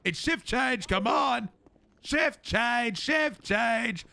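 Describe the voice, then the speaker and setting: Foul-mouthed bossy police chief voice. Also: male voice, extremely high pitch, lively intonation, drawn-out words, gravelly, sharp tone, no room sound. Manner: bossy, profane, barking orders. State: voice going hoarse from yelling. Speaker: police chief in role-play. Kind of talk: in-character role-play.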